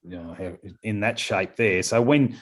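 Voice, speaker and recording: A man's voice: lowish voice, measured pace. A middle-aged Australian man, a scrum coach talking in a casual podcast interview, rambling with lots of fillers and repeated words.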